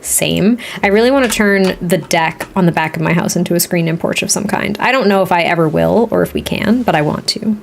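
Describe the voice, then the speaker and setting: A woman with a Boston accent chatting frankly and thinking out loud while building a house in a life-sim game. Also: on the low side, a little fast, vocal fry, few pauses, a little hiss or hum. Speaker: Sims builder streamer. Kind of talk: casual gaming commentary while building.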